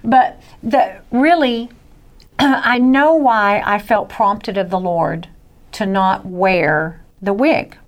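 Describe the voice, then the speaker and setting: A woman tells a personal story in a casual chat, laughing often and acting out voices. Her voice sits in a middle range and she talks in a lively, easy way. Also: medium pitch, slow. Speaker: guest sharing a faith testimony.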